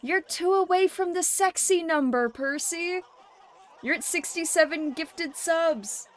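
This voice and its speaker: A woman hosting a livestream, chatting casually with viewers, laughing often and swearing freely in animated reactions. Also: very high-pitched, unhurried. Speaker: livestream host.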